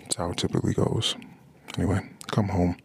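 A man's voice: low-pitched, little pitch movement, a little fast, vocal fry, slightly rough, no room sound. A man hosting a podcast, venting in a rambling, frustrated monologue about his marriage. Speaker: podcast host.

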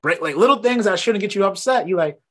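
A man hosting an interview from his home office, talking in a relaxed, rambling way about his own habits. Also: sits high, fast talker. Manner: relaxed and talkative, rambling anecdotes. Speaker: podcast host. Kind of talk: casual interview chat.

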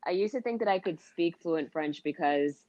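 A woman's voice: fairly low pitch, lively intonation, normal speed, a little mellow, no room sound, muffled recording. A woman co-hosting a podcast, chatting enthusiastically with jokes and exclamations. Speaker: podcast co-host. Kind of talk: casual chat.

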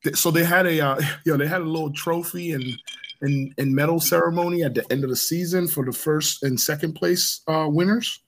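A middle-aged man with a slightly high voice co-hosts a casual chat. He talks in a loose, slangy way and laughs often. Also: steady tone, fairly quick, slight background noise. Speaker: podcast co-host.

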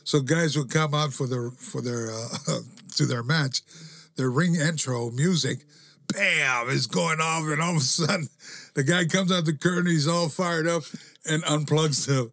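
A man hosting a podcast, telling relaxed backstage stories and laughing often. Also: on the high side, a little slow, no echo. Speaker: podcast host, former wrestler. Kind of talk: casual storytelling chat.

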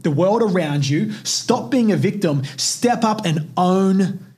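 A young man tells his own story on a podcast in a husky, slightly high voice. He talks bluntly and swears constantly, with plenty of intensity. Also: expressive, slow pace, darkish tone. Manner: blunt, heavily profane, intense. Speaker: podcast host.

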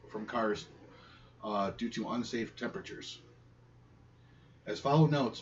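A man co-hosting a casual podcast, reading news haltingly and arguing mildly. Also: medium pitch. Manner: halting, stumbling reader, conciliatory. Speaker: podcast co-host. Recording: lo-fi audio with background noise.

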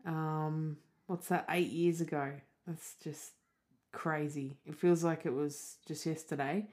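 A woman's voice: low voice, fairly even intonation, slow pace, a little mellow. A young Australian woman hosting a casual solo podcast, chatting in a rambling way full of "like" and "um". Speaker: podcast host.

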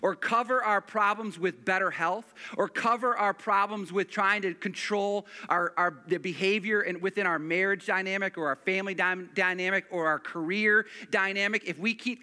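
Male preacher with a piercing bright tone; earnest, repeats himself for emphasis. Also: sits high, big-room sound. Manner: earnest, emphatic, repeats phrases, slows down on key words. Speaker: pastor. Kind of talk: sermon.

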